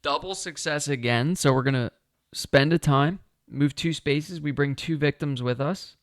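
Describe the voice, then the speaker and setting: A man plays a board game live and talks himself through each turn, counting spaces and checking in with viewers. His voice is smooth and resonant, and it sits close and dry on the mic with no room sound. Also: fairly high pitch, unhurried, no echo. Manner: thinking aloud, asking viewers, counting moves. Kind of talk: casual solo game playthrough.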